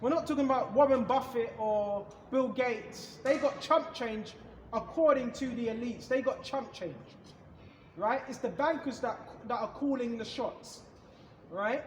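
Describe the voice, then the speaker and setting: High-voiced man preaching scripture emphatically. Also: unhurried, reverberant, slight background noise, poor audio. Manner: emphatic, repetitive, rhetorical questions. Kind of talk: street-style scripture teaching.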